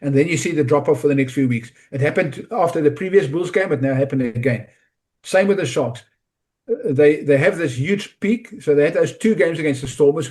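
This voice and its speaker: A man's voice: on the high side, darkish tone. A man talking rugby analysis in a casual podcast chat, often restarting and repeating words. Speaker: rugby pundit.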